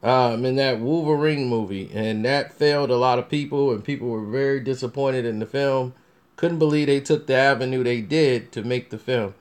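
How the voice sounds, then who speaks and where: A man's voice: medium pitch, moderate pace. A man talking casually about upcoming films as a review vlogger, rambling with many restarts and fillers. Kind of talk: casual movie commentary.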